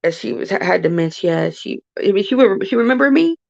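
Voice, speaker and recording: Gravelly woman on a live phone stream, choppy restarts, muffled lo-fi sound. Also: medium pitch, expressive, darkish tone. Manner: halting, with restarts and repeated phrases. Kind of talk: casual storytelling on a livestream.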